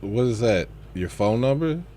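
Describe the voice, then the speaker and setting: A man's voice: medium pitch, lively intonation, moderate pace, warm tone, a little hiss or hum. A man hosting a casual livestream, chatting about his music in a rambling way that trails off and circles back. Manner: rambling, trails off and restarts thoughts.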